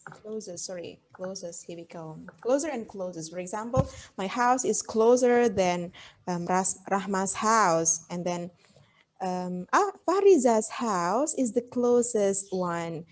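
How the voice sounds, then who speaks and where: A woman's voice: mid-range voice, lively intonation, unhurried. A young woman with an Indonesian accent teaching a grammar lesson. She switches between languages and coaxes answers with questions. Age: young adult. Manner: code-switching, coaxing questions to the class.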